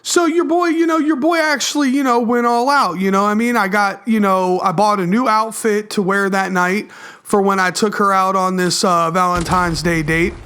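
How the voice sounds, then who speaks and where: Young male YouTuber, high voice, slangy and cussing, animated storytime over gameplay. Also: normal speed, clean tone.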